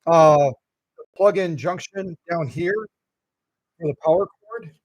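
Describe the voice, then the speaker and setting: A middle-aged man with a gravelly but fairly high voice leads a relaxed, hands-on demonstration. He teases his viewers with little quizzes and takes his time over each point. The sound is dry and close, with no room around it. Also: takes it slowly, no room sound, poor audio. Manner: playful, teasing quizzes to viewers. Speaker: sewing machine restorer and channel host.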